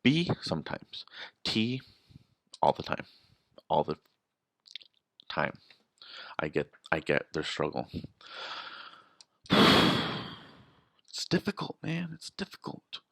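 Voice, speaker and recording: Low gravelly man rambling on camera. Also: wildly swooping pitch, slow pace, pauses often, dry recording. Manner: rambling, restarts, emphatic rhetorical questions. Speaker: vlogger. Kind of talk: casual storytelling monologue.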